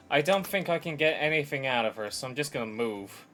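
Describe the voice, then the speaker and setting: A man's voice: fairly high pitch, expressive, a little fast, hardly any pauses, fairly bright tone. A man streaming a game, commenting in profane, self-mocking asides.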